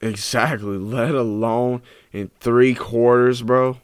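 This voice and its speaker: A man's voice: medium pitch, steady tone, slow pace, smooth, no room sound, clean studio sound. A man hosting a reaction video, talking slangy and casual, drawing words out for emphasis and cursing. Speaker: reaction channel host.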